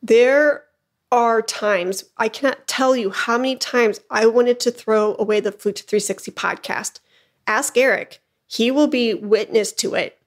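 A woman's voice: on the high side, a little slow. A woman hosting her own podcast, coaching listeners in an encouraging, emphatic way and often checking in with "okay?". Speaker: podcast host, flute business coach. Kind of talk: motivational solo podcast talk.

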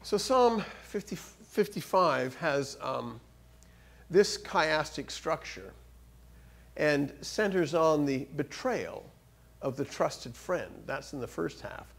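A man giving a sermon in a church as a guest speaker, animated, with sudden rises in pitch and loudness, often repeating and restarting words. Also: slow pace, vocal fry.

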